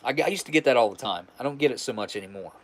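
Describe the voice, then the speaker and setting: A man's voice: medium pitch, lively intonation, racing. A man from West Virginia with a West Virginian accent, chatting casually and rambling with restarts on a live stream. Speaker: livestream host.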